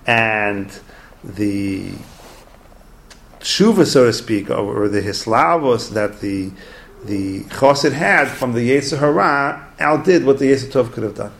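A man teaching a Torah class through animated, conversational storytelling. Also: mid-range voice, unhurried, creaky.

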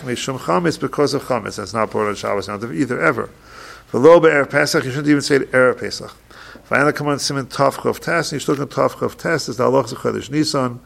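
A man teaching a halacha class, reading each Hebrew passage slowly and then explaining it in quick plain English. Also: mid-range voice, gravelly. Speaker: Torah teacher.

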